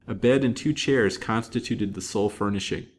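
A man reading a serialized novel aloud in a measured, dramatic way. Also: on the low side. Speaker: storyteller.

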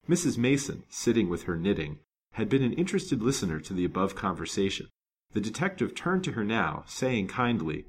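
A man narrating a serial novel in a measured, even reading voice. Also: low-pitched, a little hiss or hum. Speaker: storyteller.

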